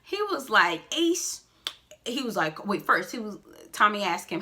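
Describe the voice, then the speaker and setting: With a measured pace, a woman delivers a casual, cheeky rundown of a reality show, her voice leaping up and down in pitch as she adds colorful asides.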